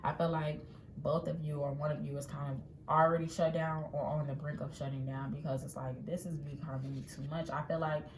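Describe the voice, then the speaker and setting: A woman giving a casual tarot reading in a chatty, animated way, acting out what people might say. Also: sits low, fairly quick. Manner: chatty, animated, acts out quotes. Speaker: tarot reader. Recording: echoey room with faint ambient noise.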